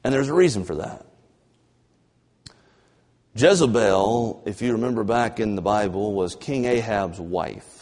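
A man preaching a fervent sermon as pastor, swinging between loud emphasis and low, drawn-out passages. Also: lively intonation. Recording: long church reverb.

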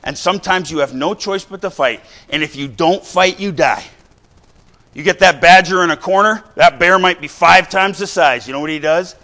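A middle-aged man preaching a fiery sermon, exhorting the crowd with repeated lines and sudden bursts of shouting. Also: high-pitched, normal speed. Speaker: pastor.

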